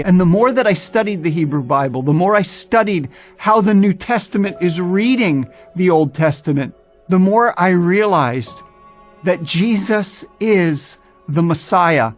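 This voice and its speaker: A man from the United States tells his personal testimony in an earnest, animated voice that sits fairly high for a man. He speaks with conviction and now and then slips into the voices of the people he quotes. Faint music plays behind him. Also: unhurried.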